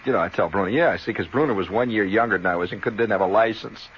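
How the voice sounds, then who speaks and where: Rambling low-voiced radio storyteller man. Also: rapid-fire, slight background noise. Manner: rambling, chuckling, tosses in "see?" and "you know". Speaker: radio host. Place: radio studio. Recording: dull lo-fi 1970 radio broadcast.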